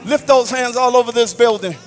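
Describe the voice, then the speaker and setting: A man preaching a passionate sermon in a church, drawing out his lines in a sing-song rhythm and building up to shouts. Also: very high-pitched, brisk, soft background music. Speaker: pastor. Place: church sanctuary.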